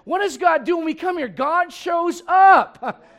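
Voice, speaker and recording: A man preaching a sermon as pastor, moving from quiet conversational asides to shouted emphasis and laughing with his congregation. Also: extremely high pitch, lively intonation, unhurried.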